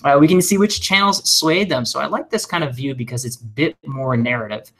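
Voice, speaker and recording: A man leads a training webinar in a lively, conversational way. His voice is bright and crisp at a middle pitch. He jokes, uses lots of fillers, and keeps pushing the audience to act. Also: fairly quick. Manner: energetic, joking, conversational with many fillers. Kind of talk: recorded webinar lesson.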